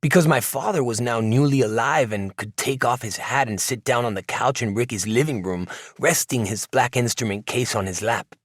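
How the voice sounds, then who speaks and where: A man narrating a novel in the first person, in a reflective, measured way. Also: medium pitch, no echo, studio quality. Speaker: audiobook narrator. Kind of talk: scripted narration.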